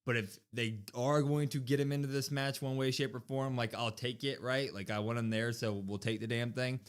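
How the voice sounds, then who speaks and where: A man's voice: medium pitch, normal speed, smooth. Opinionated male wrestling podcast host. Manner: animated, opinionated, swears casually. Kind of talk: casual wrestling chat.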